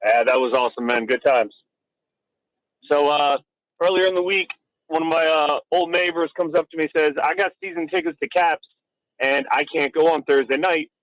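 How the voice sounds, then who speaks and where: A man's voice: on the high side, normal speed, a bit bright, no echo, low-quality recording. A male caller chatting in a friendly, casual way with the hosts. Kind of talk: casual call-in chat.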